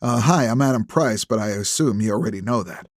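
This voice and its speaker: A man voicing a tense attorney being questioned by police, guarded and quick with retorts. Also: on the low side, lively intonation, no room sound, clean studio sound.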